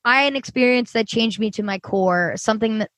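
A woman's voice: on the high side, a little fast, a bit bright, no room sound. A woman co-hosting a casual podcast, enthusiastically quoting and discussing TV dialogue. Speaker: podcast co-host. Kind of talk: casual chat recapping a TV episode.

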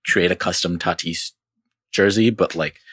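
A man's voice: low voice, steady tone, normal speed, fairly bright tone, breathy edge. A man co-hosting a casual sports chat, laid-back with dry humor and hesitant fillers. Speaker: podcast co-host.

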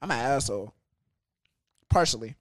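A young man hosting a podcast, telling a story in a casual, profane, animated way with laughs. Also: mid-range voice, moderate pace, dry recording, clean studio sound. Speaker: podcast host.

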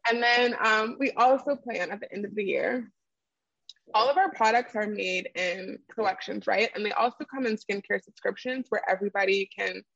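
Woman, brand founder, gravelly voice, dull lo-fi sound. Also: medium pitch, moderate pace, fairly bright tone, no echo. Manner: explanatory, many fillers, laughs easily. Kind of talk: conversational interview answers.

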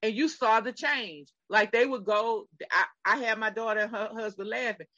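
A woman's voice: fairly high pitch, moderate pace, pushed and bright, no room sound, dull audio. A middle-aged woman co-hosting a podcast in casual chat, emphatic and talking straight to her listeners. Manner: emphatic, addresses listeners directly. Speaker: podcast co-host.

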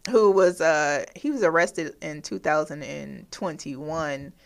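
A woman's voice: sits low, takes it slowly, vocal fry. A woman co-hosting a podcast, chatting casually and recounting news stories. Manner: laughs while telling stories, chatty. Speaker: podcast co-host.

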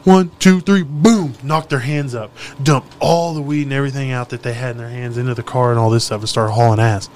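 Brief: a man talking fast, swearing, brash storyteller, faint background noise. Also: medium pitch, little pitch movement, a little mellow. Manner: brash, profane, rapid storytelling. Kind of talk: casual storytelling chat.

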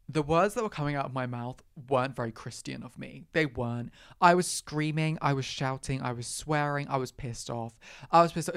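A man's voice: medium pitch, dry recording, clean studio sound. A man telling a personal story as a podcast host, chatty and dramatic, with quoted asides and the odd swear word. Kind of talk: casual storytelling monologue.

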